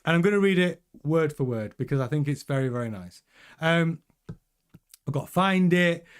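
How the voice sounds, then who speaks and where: A man's voice: on the high side, lively intonation, moderate pace, clear, resonant tone. A man hosting a casual news commentary show, chatty and rambling with many restarts and fillers.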